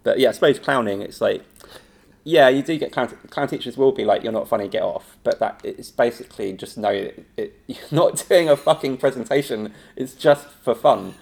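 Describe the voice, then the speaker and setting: Laughing improv teacher with gravelly voice. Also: male voice, mid-range voice, moderate pace. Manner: animated storytelling, laughing often, acting out quotes. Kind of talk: casual anecdotal chat.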